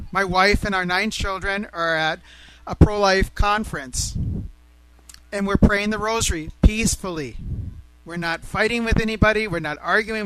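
High-voiced, animated storytelling man. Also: no room sound, rough recording. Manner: animated, emphatic, with repeated words and restarts. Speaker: speaker telling a personal story.

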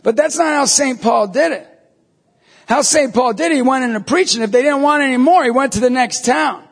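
A Catholic evangelist man giving an animated storytelling sermon, acting out dialogue with emphatic bursts. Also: very high-pitched, fairly quick, slightly rough, in a large hall.

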